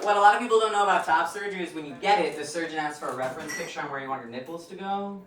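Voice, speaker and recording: A man's voice: on the high side, racing. A trans man doing stand-up and hosting the show, chatty and laughing between jokes. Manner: chatty, laughing, shouting introductions. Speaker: comedian and show host. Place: small comedy venue. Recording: echoey room from far off with loud noise.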